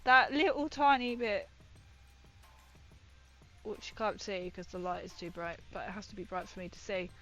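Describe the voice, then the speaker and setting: A woman's voice: medium pitch, normal speed, long pauses, sharp tone, faint music behind. A woman chatting casually as she paints miniatures, rambling and swearing now and then. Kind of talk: casual chat while painting.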